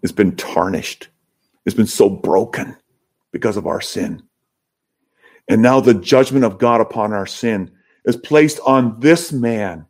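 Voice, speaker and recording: A man's voice: on the low side, a little slow, darkish tone. A man preaching an expository sermon to his congregation, building to emphatic peaks. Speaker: pastor.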